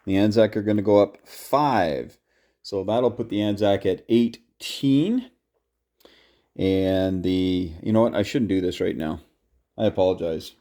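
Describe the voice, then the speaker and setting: A man talks his way through a turn of a board game in an easy, casual play-by-play. His voice sits a little low and sounds mellow and relaxed. He chats to the camera and counts each move aloud as he makes it. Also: measured pace. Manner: chatty, counts moves aloud.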